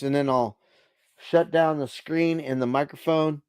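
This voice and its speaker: A man's voice: fairly high pitch, steady tone, unhurried, darkish tone, smooth, dry recording, studio quality. A middle-aged man hosting a casual late-night livestream, reading viewer chat aloud into a desk microphone in a chatty, laid-back way. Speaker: livestream host.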